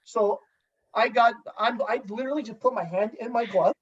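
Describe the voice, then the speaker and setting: A man, a former hockey goalie, telling a story in a casual, animated way and swearing freely. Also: very high-pitched, moderate pace, slightly rough. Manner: animated, profane, acts out dialogue. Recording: slightly distant, dull lo-fi sound.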